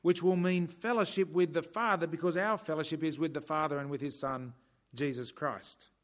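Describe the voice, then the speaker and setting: A man preaching a sermon in a measured, emphatic way, breaking off now and then for dry humorous asides. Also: a little high, steady tone.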